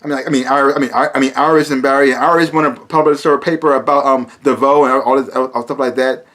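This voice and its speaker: Man reviewing a TV episode, rambling, restarts, exasperated asides, mid-pitched voice. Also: steady tone, fast, fairly bright tone. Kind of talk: casual spoken review.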